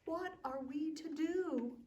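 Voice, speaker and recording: A woman voicing a pair of hungry, rude giants who shout their demands loudly. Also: high-pitched, slow pace, far from the mic, slight background noise, voice pushed up. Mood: pleading.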